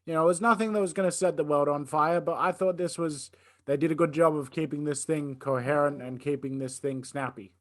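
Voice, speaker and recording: A man co-hosting a casual review chat, speaking in a measured, hedging way. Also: a little high, steady tone. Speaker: podcast co-host.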